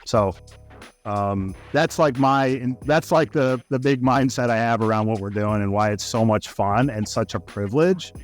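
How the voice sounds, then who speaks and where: A man's voice: mid-range voice, normal speed, faint music behind. A middle-aged man answering an interview question with an earnest, storytelling manner, as an executive guest. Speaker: guest, customer success executive.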